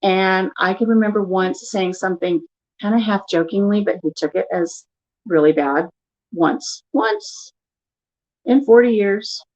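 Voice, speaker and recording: An older woman vlogger chatting casually from her living room at home, animated as she tells stories. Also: mid-range voice. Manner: animated storyteller who acts out quotes. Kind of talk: casual chat.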